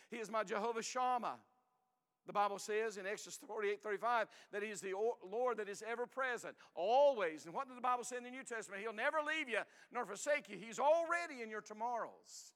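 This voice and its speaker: Older guy preaching, folksy, goes loud then real quiet, big echoey hall. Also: sits high, fast. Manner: folksy, emphatic, swings between loud and hushed. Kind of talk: sermon.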